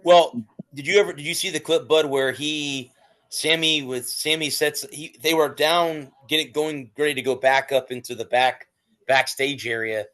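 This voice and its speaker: A man's voice: a little high, steady tone, normal speed, fairly bright tone. Rambling man in casual sports talk. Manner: rambling, restarts sentences. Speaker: podcast co-host.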